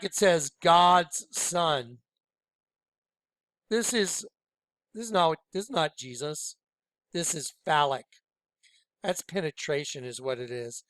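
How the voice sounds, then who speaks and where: A man talks in an urgent, preachy way, swinging between loud outbursts and low, hushed asides. His voice sits a little high and sounds smooth and clear. The sound is dry and close, with no room echo. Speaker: video host. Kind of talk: conspiratorial commentary on images.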